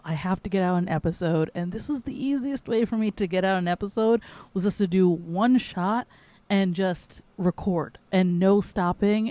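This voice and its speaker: A woman's voice: mid-range voice, mellow, no room sound. A young adult woman from the northeastern United States hosting a casual solo podcast, rambling, correcting herself and laughing often. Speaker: podcast host.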